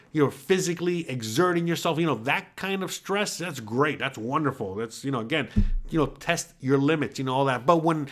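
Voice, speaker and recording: A man's voice: on the high side, fairly bright tone. A middle-aged man from the US East Coast hosting a casual solo chat, rambling and swearing freely with lots of "you know" fillers. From East Coast of the USA. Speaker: podcast host.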